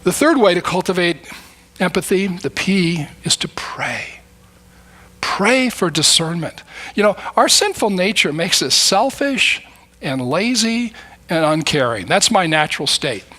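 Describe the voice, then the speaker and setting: A middle-aged man delivering a sermon in a bright, forward voice that sits a little high for a man. His preaching is earnest and conversational, and he slips into acted prayers and quoted dialogue as he teaches. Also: big pitch swings, measured pace. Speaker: guest preacher.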